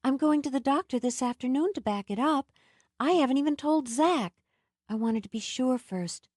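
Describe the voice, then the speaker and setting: A woman narrator voicing an excited young pregnant woman, her lines pitched well above her own voice and full of breathless joy. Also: no echo, studio quality. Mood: elated. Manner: excited, rising high and fast.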